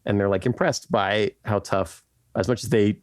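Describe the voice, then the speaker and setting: A man with a somewhat low voice tells history as podcast host, rambling casually with frequent fillers and quick laughs. His voice is recorded close and dry, with no room sound. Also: steady tone, no echo. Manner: rambling, laughs often, lots of "like" and "right?".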